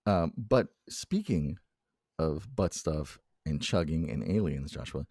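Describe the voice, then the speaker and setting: A man's voice: sits low, expressive, moderate pace, a little mellow, no echo, studio quality. A man co-hosting a podcast in casual chat, teasing his co-host and laughing often.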